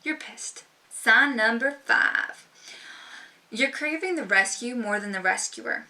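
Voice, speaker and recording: A woman's voice: on the high side, expressive, slow pace, pushed and bright. A young woman talking to camera in a sassy, emphatic, informal way. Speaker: vlogger. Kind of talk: casual talk to camera. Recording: voice slightly distant from mic.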